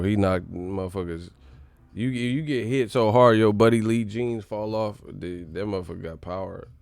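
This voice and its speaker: A man with a Californian accent hosting a casual live stream, loud and joking, swearing and laughing a lot. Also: on the low side, smooth, no room sound.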